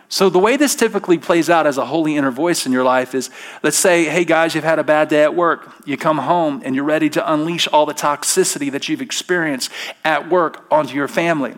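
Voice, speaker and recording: A man's voice: fairly high pitch, a little fast, a bit bright. A middle-aged male pastor preaching a sermon from a church stage, emphatic and full of rhetorical questions.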